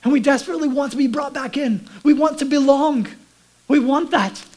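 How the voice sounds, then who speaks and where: Man preaching, hushed to soft whispers. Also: extremely high pitch, a little fast, poor audio. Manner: conversational preaching, dropping to a hushed whisper for emphasis. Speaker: pastor. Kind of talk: sermon.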